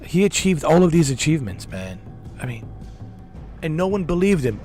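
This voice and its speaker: A man's voice: fairly high pitch, big pitch swings, normal speed, darkish tone, faint music behind. A man streaming a game, chatting casually and enthusiastically, repeating himself and dropping slang like "man" and "dude". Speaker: gaming streamer. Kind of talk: casual chat over gameplay.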